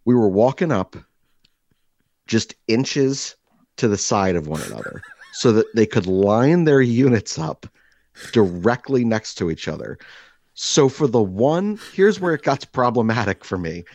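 Deep-voiced man telling a crude story. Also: unhurried, no echo, muffled recording. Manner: animated, crude, rambling with many fillers. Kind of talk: casual comedic storytelling. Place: indoor room, seated across from co-host.

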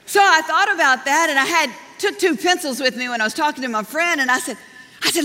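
A middle-aged woman pastor preaching a sermon, telling personal stories in an animated way and laughing often. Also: high-pitched, quick pace, a faint crowd. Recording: long reverb of a large hall.

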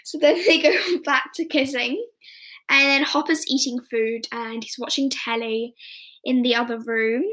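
A woman's voice: sits high, steady tone, measured pace, pushed and bright. A woman hosting a podcast, recapping scenes in a chatty, rambling way with frequent self-corrections. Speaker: podcast host. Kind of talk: casual episode recap.

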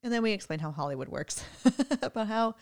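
A woman in her thirties, a mother chatting casually on a podcast, animated and often laughing. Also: on the high side, fairly quick. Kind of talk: casual chat.

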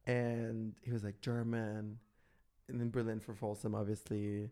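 A man's voice: fairly low pitch, moderate pace. A man with an Irish accent, a podcast co-host telling stories in casual chat and acting out the dialogue. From Ireland. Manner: animated gossipy storytelling, acting out dialogue.

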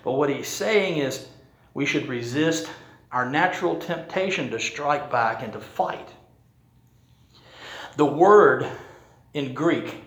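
A man preaching a sermon as pastor, telling a story in a conversational way. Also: on the high side. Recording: roomy echo.

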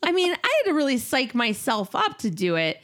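Animated, expressive woman telling a story. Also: high voice, fairly quick. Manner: animated storytelling, frequent swearing. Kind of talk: casual chat.

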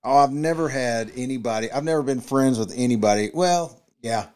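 A man's voice: medium pitch, brisk, darkish tone. A man, co-hosting a podcast, telling rambling, profane stories and acting out quotes. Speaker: podcast co-host. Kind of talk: casual chat, storytelling.

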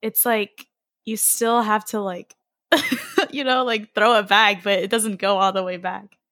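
A woman's voice: mid-range voice, steady tone, measured pace, a bit bright, no room sound, clean studio sound. A young adult woman co-hosting a podcast in casual chat, giggly and full of incredulous questions, swearing casually. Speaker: podcast co-host.

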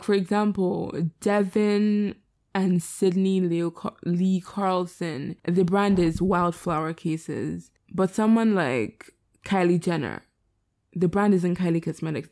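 A young woman talks through her solo podcast late at night, candid and rambling, with a tired edge. Her voice is low, mellow and gravelly with plenty of fry. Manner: rambling, candid, self-deprecating. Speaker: podcast host. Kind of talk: casual solo podcast chat. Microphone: laptop setup.

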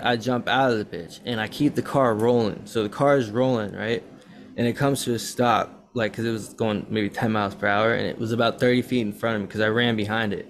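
A man's voice: mid-range voice, fairly quick, a little hiss or hum. A young man, a podcast host, telling a long story in casual chat, rambling and cursing as he acts out what others said. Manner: rambling, profane, animated retelling.

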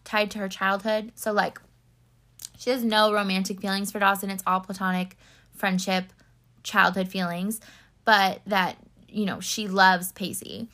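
A woman's voice: mid-range voice, a bit bright. A young woman chatting casually through a TV recap, rambling with lots of fillers and getting teary. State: tearful. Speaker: podcast host recapping a TV series. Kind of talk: casual chat.

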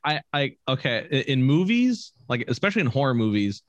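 Animated young man, lively pitch. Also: brisk, no room sound, highs cut off. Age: young adult. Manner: animated storyteller, swears often, laughs a lot. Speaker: podcast co-host, streamer. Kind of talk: casual chat.

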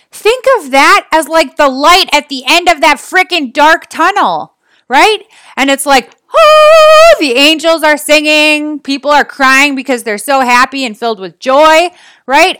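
A woman in her thirties hosting a motivational talk, energetic and chatty, often exclaiming and asking her listeners questions. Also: high voice, no echo, clean studio sound. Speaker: podcast host and business coach.

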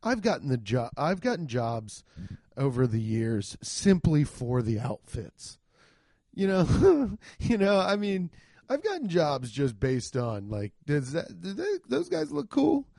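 A man hosts a podcast full of comic, profane stories, animatedly acting out quotes in goofy voices. His medium-pitched voice takes things slowly, recorded in studio quality with no echo.

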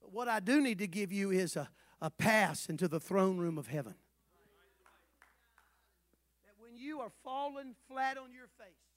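A pastor with a strikingly high voice preaches to his church, rising to shouts and then dropping to hushed asides. He keeps asking the room questions and calling for answers back. The sound is close and dry, with almost no room echo. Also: expressive, moderate pace. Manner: swings from shouted exhortation to soft, low asides; asks the congregation questions, calls for responses. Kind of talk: sermon. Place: church sanctuary.

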